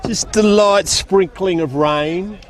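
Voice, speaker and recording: Aussie bloke calling the footy live outdoors, bit higher voice, chatty and folksy. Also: male voice, slow. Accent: Australian. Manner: chatty, folksy calls with local slang. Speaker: football commentator. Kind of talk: live play-by-play commentary. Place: outdoors at a country football ground.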